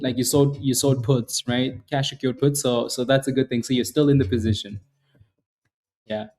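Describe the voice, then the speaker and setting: A man with a dark, mellow voice hosts a live trading stream. He talks casually and keeps repeating himself to drive a point home. He calls out chat viewers by name. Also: mid-range voice. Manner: repetitive, hyped, chatty, addresses viewers by name. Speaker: day-trading livestream host.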